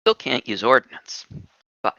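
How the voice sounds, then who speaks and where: A man playing an engineering officer in a casual voice-chat roleplay, relaxed and brief in his replies. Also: mid-range voice, unhurried, creaky, no room sound, lo-fi sound.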